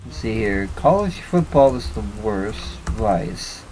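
A man's voice: fairly low pitch, animated, slow, a little mellow, a little hiss or hum, rough recording. A man co-hosting a casual chat, rambling and thinking aloud as he searches online. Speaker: podcast co-host.

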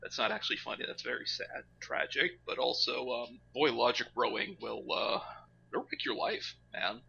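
A man co-hosting a podcast in casual chat, animated and quick to laugh. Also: mid-range voice, creaky. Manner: animated, laughs often, puts on mocking voices. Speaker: podcast co-host. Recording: slightly dull lo-fi recording with faint background noise.

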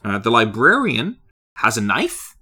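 A man's voice: mid-range voice, a little slow, breathy edge. A man co-hosting a casual podcast about a film, talking in a wry, joking way. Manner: lively, wry, deadpan jokes. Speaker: podcast co-host.

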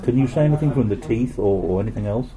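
A man interviewing a guest in a casual conversation over a meal, relaxed and joking. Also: mid-range voice, fast. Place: busy restaurant. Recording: crowded restaurant chatter behind.

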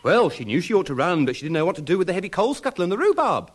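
A man's voice: high voice, sing-song, racing. An actor playing a fussy male pier co-owner ruled by his mother, talking in a prim, flustered way in a radio sitcom. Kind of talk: 1990s radio sitcom acting. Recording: hissy archive radio broadcast.

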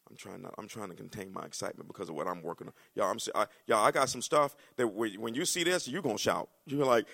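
A male pastor with a gravelly, rough edge to his voice preaches a sermon. He mixes folksy asides with bursts of rising, shouted excitement, at a middling pitch for a man. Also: fast, hardly any pauses.

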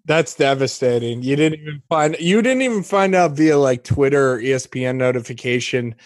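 A man's voice: medium pitch, lively intonation, brisk, no room sound, studio quality. A man co-hosting a sports podcast, chatting casually and riffing playfully on his friend's story. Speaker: podcast co-host.

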